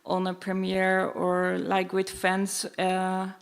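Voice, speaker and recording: A nervous woman from the Netherlands asking a panel a question from the audience, halting and apologetic. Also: lowish voice, monotone, creaky, clear, resonant tone. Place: convention hall audience.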